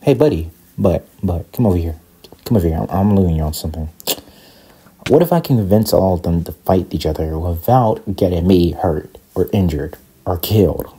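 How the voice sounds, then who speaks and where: A young man giving casual, excitable commentary while playing a block-building game, often panicking and talking to his viewers. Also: sits low, moderate pace, slightly rough. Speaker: gaming YouTuber. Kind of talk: casual Minecraft let's play commentary.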